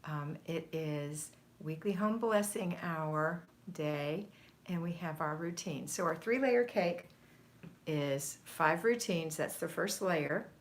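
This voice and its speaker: A woman's voice: low voice, takes it slowly. An American woman hosting a home-organizing livestream, chatting casually and greeting viewers by name, a little out of breath. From United States. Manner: chatty, reads viewer comments aloud and greets them by name. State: slightly out of breath.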